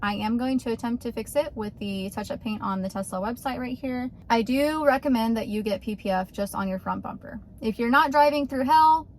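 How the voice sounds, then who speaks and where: A woman's voice: fairly high pitch, brisk, hardly any pauses, slight background noise. A woman, vlogging casually and with exasperation outdoors beside her car. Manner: chatty, exasperated. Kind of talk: casual vlog.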